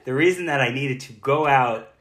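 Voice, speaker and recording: A man's voice: medium pitch, moderate pace, a crowd in the background. A man co-hosting a travel podcast in casual chat, self-deprecating and laughing often. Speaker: podcast co-host. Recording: roomy echo.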